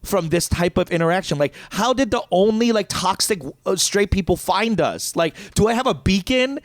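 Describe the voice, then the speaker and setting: Man, comedian co-host, exasperated storyteller, lively swinging pitch, dry close sound. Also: normal speed, no room sound. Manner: animated, exasperated, swears freely. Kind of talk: casual storytelling rant.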